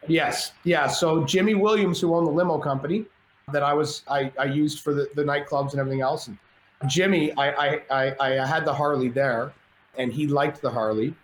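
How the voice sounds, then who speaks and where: A middle-aged man tells a story on a podcast, animated and self-mocking, acting out every line of dialogue. His voice sits a little high. The room is echoey, with a faint hum of ambience behind him. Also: normal speed. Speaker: podcast guest, entrepreneur. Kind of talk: storytelling in casual chat. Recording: roomy echo, faint ambience.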